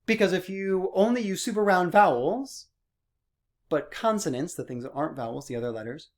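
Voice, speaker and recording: A man's voice: high-pitched, lively intonation, normal speed. Playful male music teacher. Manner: playful, exaggerates vowels and consonants to demonstrate. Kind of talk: recorded singing lesson for students.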